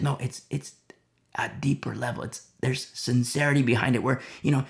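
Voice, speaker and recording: Gravelly-voiced man preaching conversationally. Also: mid-range voice, a little fast, a bit bright. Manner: repetitive, drops to near-whispers for emphasis, acts out mock dialogues. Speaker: pastor. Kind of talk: conversational Bible teaching.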